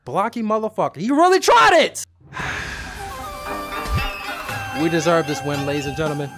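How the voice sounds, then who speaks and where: A young adult gaming YouTuber giving casual, profane play-by-play commentary, excitable and talking straight to the viewers. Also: mid-range voice, moderate pace. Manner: excitable, profane, talks to the audience as "y'all". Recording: game music playing behind.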